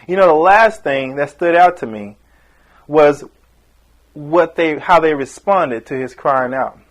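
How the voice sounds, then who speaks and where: Guy preaching a sermon, fired up, kinda high voice, goes big then drops quiet. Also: lively intonation, a little slow. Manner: impassioned, rising and falling emphasis with acted-out quotes.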